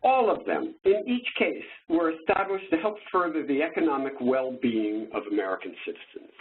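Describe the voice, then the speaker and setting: A man's voice: a little high, animated, moderate pace, slight background noise. A man co-hosting a training webinar, joking and bantering with his co-host, over tinny phone-like audio. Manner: jokey, playful banter. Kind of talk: casual webinar presentation.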